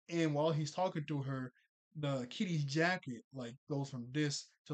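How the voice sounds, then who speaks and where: A young man casually recapping a cartoon episode, chatty and quick to laugh, full of fillers and restarts. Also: on the high side.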